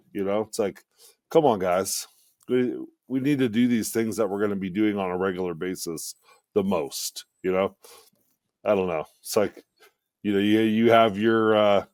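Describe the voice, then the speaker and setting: A middle-aged man co-hosting a podcast, talking in a rambling, relaxed way with many fillers. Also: fairly low pitch, no echo, clean studio sound. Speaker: podcast co-host. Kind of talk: casual podcast chat.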